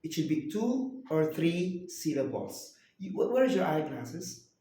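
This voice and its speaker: A man's voice: a little high, sing-song, a little slow, warm tone. A male tutor patiently drilling a student on grammar rules, repeating answers back. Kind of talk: one-on-one grammar lesson. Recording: very echoey room.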